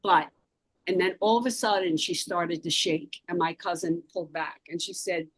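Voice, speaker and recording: A woman's voice: fairly low pitch, normal speed, husky, no echo, poor audio. A woman from South Philadelphia with a Philadelphia accent, a guest author telling an intense personal story in an emphatic way. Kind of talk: interview storytelling.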